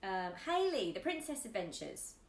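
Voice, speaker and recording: A woman's voice: sing-song, normal speed, creaky, echoey room, a little hiss or hum. A woman, a YouTube vlogger, chatting casually and giggling as she answers tag questions with her partner. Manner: chatty and giggly, drifting up and down in pitch.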